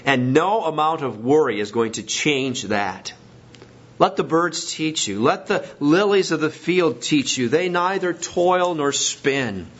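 A man's voice: medium pitch, a bit bright. A man preaching a sermon as pastor, emphatic and rising to stress his points. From Washington state. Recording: dull lo-fi recording.

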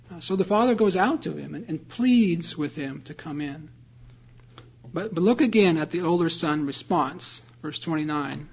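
Guy preaching a sermon, earnest, kinda high voice, muffled lo-fi audio. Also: normal speed, vocal fry, slightly rough. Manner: earnest, explanatory, reads scripture aloud. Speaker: pastor.

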